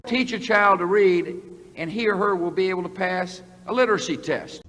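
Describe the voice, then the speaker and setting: A man putting on a mocking voice of a pompous, folksy politician, pitched well above his usual voice. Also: moderate pace, a bit bright, poor audio. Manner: mocking, drawling impression.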